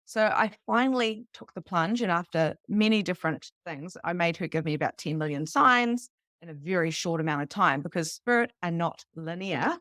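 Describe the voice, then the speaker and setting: Lively New woman, lowish voice. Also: moderate pace, no echo, clean studio sound. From New Zealand. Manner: animated, swearing freely, emphatic repetitions. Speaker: psychic medium teaching beginners. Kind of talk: casual storytelling talk to a live online group.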